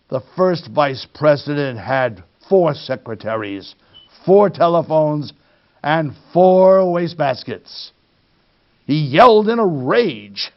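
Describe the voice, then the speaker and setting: A man's voice: on the high side, big pitch swings, takes it slowly, gravelly, highs cut off. A man reading a children's storybook aloud expressively, addressing young listeners. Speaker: storytime reader.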